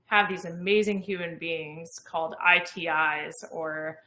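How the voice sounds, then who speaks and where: Woman, 30s, bright and enthusiastic; explains clearly in an interview, echoey room. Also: lowish voice, fairly even intonation, a little slow. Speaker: astronaut guest. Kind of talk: conversational interview.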